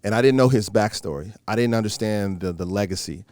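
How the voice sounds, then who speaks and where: Fast-talking low-voiced man. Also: no echo, studio quality. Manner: animated storyteller, acts out quoted exchanges; frequent fillers and restarts. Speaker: actor, interview guest. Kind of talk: casual interview talk.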